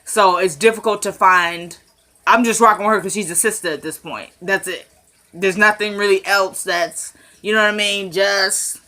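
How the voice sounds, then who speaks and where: Woman, bright and sharp tone, casual TV recap, chatty, opinionated, talks to viewers. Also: medium pitch, fairly even intonation, normal speed. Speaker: TV episode recapper.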